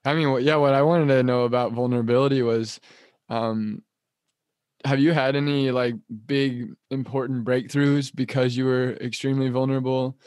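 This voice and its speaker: A male podcast host asking questions in an even, level tone with little melody. His delivery is measured and halting, and the recording is dry and close. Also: mid-range voice, clean tone, dry recording. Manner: measured, hesitant with fillers. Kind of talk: interview questions.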